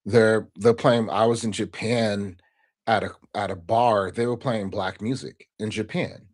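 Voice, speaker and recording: A man's voice: fairly low pitch, fairly even intonation, unhurried. A man speaking as a podcast guest, earnest and reflective, often tagging his points with a questioning "right?". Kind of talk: casual interview conversation.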